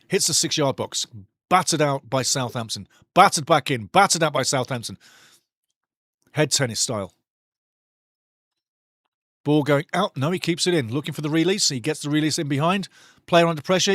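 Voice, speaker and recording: A man's voice: fairly high pitch, fairly bright tone, no echo, studio quality. A man doing passionate live football commentary for a watch-along, mocking the referee and bantering with the chat.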